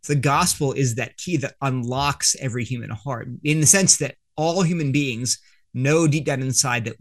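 A man, an author and guest, earnestly explaining an argument in an interview, often restarting his sentences. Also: mid-range voice.

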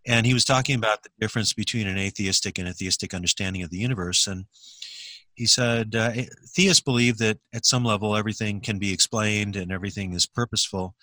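A man in a casual philosophical conversation, making his points in a measured, argumentative and deliberate way. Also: fairly low pitch, bright, forceful tone, no echo. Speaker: discussion partner.

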